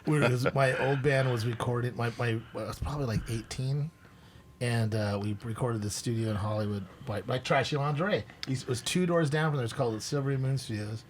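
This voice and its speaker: A middle-aged man hosting a podcast, telling stories in a loose, animated way and acting out the voices of people he quotes. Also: mid-range voice, brisk, a little hiss or hum. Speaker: podcast host. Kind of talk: boozy casual storytelling.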